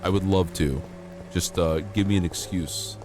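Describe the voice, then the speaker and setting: A man's voice: sits low, measured pace, a little mellow, faint music behind. A man streaming a game, chatting casually and playfully with his chat, teasing and mock-outraged, laughing often. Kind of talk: casual live-stream chat while gaming.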